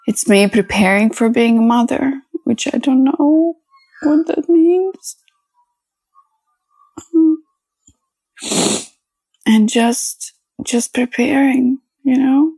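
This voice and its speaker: A woman speaking slowly in a personal podcast monologue, her voice edged with vocal fry. She talks in a halting, reflective way, full of fillers and restarts, sounding emotional and close to tears. The recording is dry and close. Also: high voice, mellow, no echo. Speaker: podcast host.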